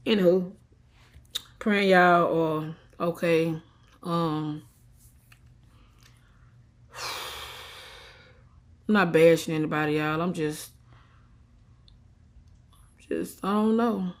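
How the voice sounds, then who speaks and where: A woman's voice: on the low side, steady tone, moderate pace, pauses often. Tearful woman venting into her phone. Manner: venting, defiant, swings from subdued to heated. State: tearful after crying. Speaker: vlogger. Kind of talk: emotional selfie vlog rant. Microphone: phone held at arm's length.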